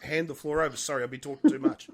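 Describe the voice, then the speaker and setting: A man's voice: fairly high pitch, fairly even intonation, rapid-fire. A man co-hosting a podcast, rambling through political talk and apologizing for talking too much. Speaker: podcast co-host. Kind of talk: casual political chat.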